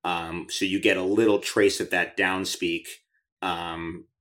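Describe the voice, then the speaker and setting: A man with a fairly low voice hosts a conversational interview. He talks in an eager, chatty way and restarts his sentences often. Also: level tone, slow, fairly bright tone. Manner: chatty, enthusiastic, many restarts. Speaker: podcast host.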